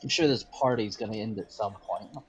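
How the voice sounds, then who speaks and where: A man's voice: on the low side, brisk, slightly rough. A man playing a tabletop game, friendly and joking. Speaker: player. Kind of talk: casual tabletop play. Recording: dull lo-fi audio.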